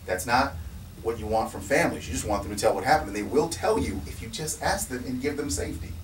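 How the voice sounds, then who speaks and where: A man who runs a community security firm, telling a story in an animated way, laughing often and acting out what others said. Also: medium pitch, fast, echoey room. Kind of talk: storytelling in a recorded conversation. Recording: distant mic with faint background noise.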